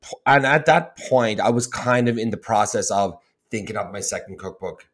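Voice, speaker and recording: A man's voice: lowish voice, moderate pace, fairly bright tone. A man, a cookbook author guest, telling a story in casual chat with lots of fillers. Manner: rambling, filler-heavy storytelling.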